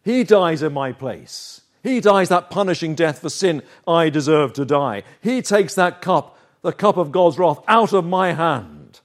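A man preaches an earnest, emphatic sermon from the pulpit, his voice a little high for a man and expressive. He takes his time, delivering with measured deliberateness and leaning hard on key phrases.

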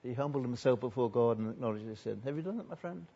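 A man preaching a sermon earnestly, building loud on repeated lists and then dropping low and quiet. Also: lively intonation, fast, vocal fry, breathy edge, lo-fi sound.

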